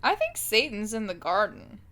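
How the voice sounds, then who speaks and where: A woman's voice: medium pitch, wildly swooping pitch, normal speed, bright, forceful tone. A young woman co-hosting a podcast, recapping a classic book in an irreverent, giggly way and acting out the characters. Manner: irreverent, giggly, acts out characters in silly voices. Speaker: podcast co-host. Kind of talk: casual comedic book recap.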